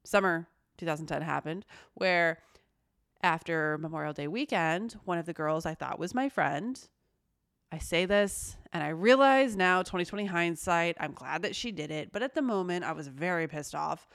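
A woman's voice: fairly low pitch, normal speed, a bit bright, no echo, studio quality. A woman in her thirties co-hosting a podcast, telling personal stories in casual chat and swearing often. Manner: storytelling, frequent swearing. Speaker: podcast co-host.

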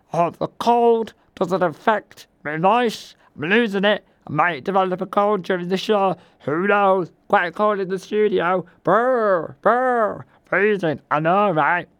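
A man's voice: high voice, a bit bright, clean tone, no echo. A man hosting a comic mock radio show, rambling and self-deprecating between links.

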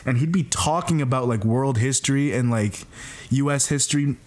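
A young man from Canada hosting a casual podcast, telling animated, joking stories. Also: medium pitch, moderate pace. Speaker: podcast host.

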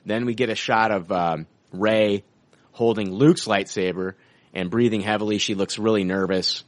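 A man co-hosting a podcast, talking excitedly about a film trailer and swearing casually. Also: fairly low pitch, normal speed, no echo. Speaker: podcast co-host.

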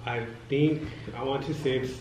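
A man co-hosting a podcast, talking in a relaxed, easygoing way. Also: medium pitch, moderate pace, far from the mic. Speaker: podcast co-host. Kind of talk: casual podcast chat. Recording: very echoey room, faint noise.

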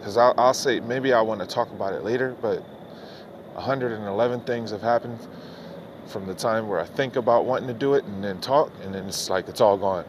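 A man's voice: lowish voice, a little fast, background noise. A man hosting a podcast, delivering an unfiltered late-night rant outdoors into a phone headset, rambling, profane and exasperated. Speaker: podcast host. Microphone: phone with headphones.

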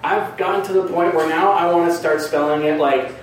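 A man's voice: a little high, fairly even intonation, brisk, a little hiss or hum. A man doing a crude, rambling, self-mocking stand-up comedy set on a club stage. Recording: echoey live club recording from a distance.

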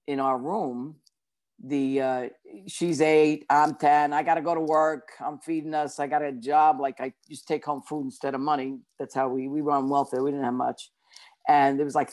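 A woman from Brooklyn, a psychic and author telling her story in an interview, talking fast and acting out quotes. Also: very deep voice, fairly even intonation, darkish tone. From Brooklyn, New York.

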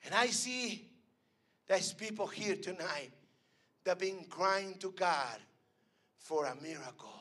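A man preaching a sermon at an evening church service, swinging between loud emphatic calls and hushed lines. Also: sits high, lively intonation, takes it slowly, long pauses, slightly rough.

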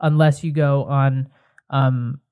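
A man co-hosts a casual beer podcast in an easygoing, stop-start way. His voice is warm and mellow, and it sits at a middle pitch. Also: flat delivery, clean tone. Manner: easygoing, talks in halting bits with fillers. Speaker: podcast co-host. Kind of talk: casual chat.

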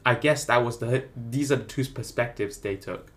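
A man's voice: medium pitch, normal speed, fairly bright tone. A man in casual chat about a book, rambling and full of filler words. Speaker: podcast co-host discussing a book.

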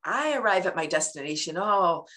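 Woman interview guest: bright, animated and expressive, breaks into laughter, plays out everyday moments. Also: on the low side, moderate pace. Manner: animated, laughs often, acts out everyday scenes. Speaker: guest, laughter yoga advocate. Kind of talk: casual interview talk.

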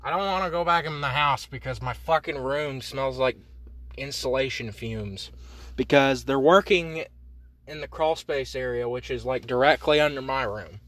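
A man's voice: medium pitch, normal speed, fairly bright tone. A man from Indiana hosting a solo comedy podcast, ranting in a profane, rambling, sarcastic way. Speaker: podcast host.

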